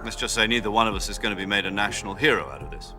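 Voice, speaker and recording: An actor playing a veteran commander speaking in a dry, understated, wry manner over game cutscene music. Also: male voice, on the low side, lively intonation, rapid-fire, bright, forceful tone. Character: wry veteran male commander visiting a patient.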